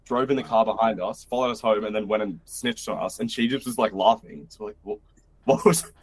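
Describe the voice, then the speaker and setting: A man's voice: on the low side, a little fast, husky. A young man from Australia, a podcast guest, telling travel stories casually and animatedly, acting out quotes. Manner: animated, acts out quotes, swears. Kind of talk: casual storytelling.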